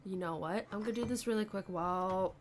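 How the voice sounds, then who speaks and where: A woman's voice: mid-range voice, fairly quick, slight background noise. A young woman streaming a game, rambling, giggling often and answering her chat. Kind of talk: casual live-stream chat while gaming.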